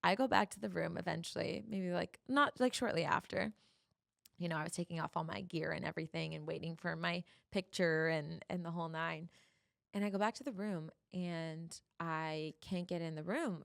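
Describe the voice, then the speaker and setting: A young woman hosting a solo podcast, telling a personal dating story in a chatty, animated way and acting out the dialogue. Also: on the low side, vocal fry, dry recording, studio quality. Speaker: podcast host.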